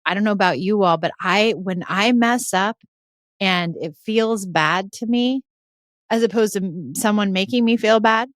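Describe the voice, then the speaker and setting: A middle-aged woman talks on her own parenting podcast in an earnest, reflective way, now and then acting out what children and parents think. Her voice sits at a middle pitch. It is recorded close on a podcast mic with a dry, dead sound. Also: moderate pace, no echo. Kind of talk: solo podcast talk.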